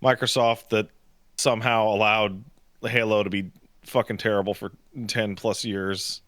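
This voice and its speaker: A man's voice: fairly low pitch, flat delivery, measured pace, fairly bright tone, no echo, studio quality. A man in his thirties co-hosting a casual podcast, ranting with profane exasperation. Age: 30s. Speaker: podcast co-host. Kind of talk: casual chat.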